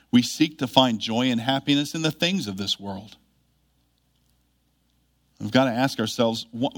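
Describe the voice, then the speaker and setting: A man preaching a sermon in an earnest, measured way, with emphatic rises when he reads scripture. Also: mid-range voice.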